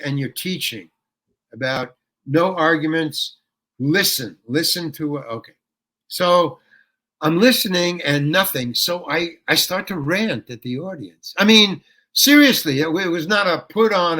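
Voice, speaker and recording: An older man, a guest actor telling a rambling story in an interview, with restarts that break into animated ranting. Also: a little high.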